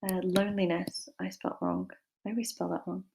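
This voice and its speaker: A woman's voice: mid-range voice, level tone, a little fast, gravelly, a little mellow, a little hiss or hum. A woman giving a casual online English literature lesson, chatty and informal with lots of fillers and some self-deprecating humour.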